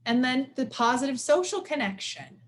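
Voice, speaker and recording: A woman in her forties giving a casual, lively workshop talk. She talks fast and acts out quoted voices with sudden jumps up in pitch. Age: 40s. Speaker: presenter of a workshop on stress. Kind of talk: casual live lecture.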